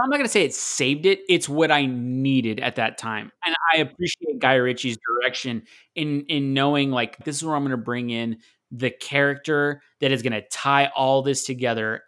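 A man in a casual movie chat with a mid-range voice. He explains his views earnestly and tosses in quick quips. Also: medium pitch, a bit bright. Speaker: podcast co-host.

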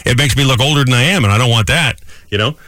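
A middle-aged man hosting a radio show, joking and animated in casual chat. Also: medium pitch, fast talker, no room sound, clean studio sound. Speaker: radio host.

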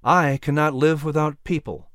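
A man voicing a cheerful, talkative young fiddler in a storybook reading, hearty and animated. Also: a little high, normal speed, dry recording, clean studio sound, close to an everyday voice.

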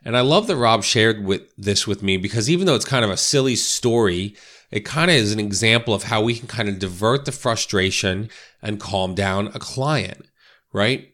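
A man with a somewhat low, slightly bright voice coaches real estate agents at a normal speed. His casual instructional talk is conversational, frequently checking in with "right?" and "you know".

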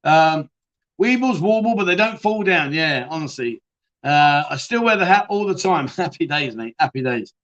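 A man's voice: on the high side, lively intonation, normal speed, fairly bright tone, muffled recording. A man hosting a live chat show, rambling and joking as he reads out viewer comments and calls people mate.

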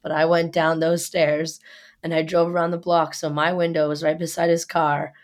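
A woman's voice: low-pitched, level tone, moderate pace. A young woman co-hosting a podcast, telling a story in casual chat with lots of swearing and heat. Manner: profane, heated storytelling. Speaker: podcast co-host.

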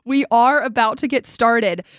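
A woman hosting a podcast in a studio, bubbly and energetic, laughing easily as she chats with her guest. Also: on the high side, a little slow, dry recording. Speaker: podcast host. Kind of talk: casual interview chat.

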